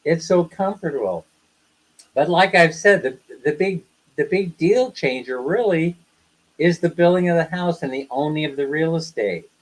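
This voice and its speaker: An older Western man hosts a casual livestream, his voice slightly high and his pace normal, though the recording quality is poor. He tells stories in a chatty way, laughs a lot, and acts out the lines people said.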